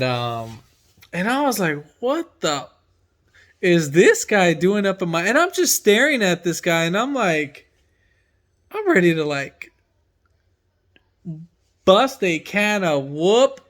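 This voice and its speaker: A man with a slightly raised voice tells a story in a loose, chatty way. He gets animated and acts out his own reactions as he goes. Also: sits high, takes it slowly, long pauses. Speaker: mechanic working from home. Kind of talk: casual storytelling.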